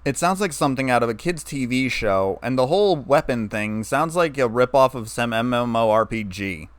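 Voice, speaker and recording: A man reading a story aloud, voicing a sarcastic, guarded young human man with a flat, wry delivery. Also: mid-range voice, normal speed, dry recording, natural voice. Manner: wry, flat, turning bitter.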